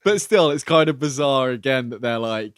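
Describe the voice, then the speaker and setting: A man co-hosting a podcast, chatting casually about a film, relaxed and often agreeing with his co-host. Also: mid-range voice, moderate pace, clean tone, no echo, studio quality. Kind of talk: casual film recap chat.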